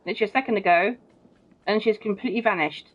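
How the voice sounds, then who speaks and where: A woman's voice: medium pitch, quick pace. A young woman casually chatting while streaming a game and reading out viewer comments, blunt and swearing freely. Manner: chatty and blunt, swears often, keeps saying bro. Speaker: gaming streamer. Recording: muffled, dull stream audio.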